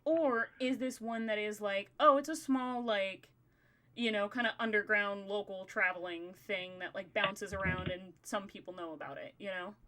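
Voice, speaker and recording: A woman's voice: medium pitch, fairly even intonation, normal speed, bright, forceful tone, a little hiss or hum. A woman hosting a podcast in casual chat, talking in loose, rambling runs and laughing often. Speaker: podcast host.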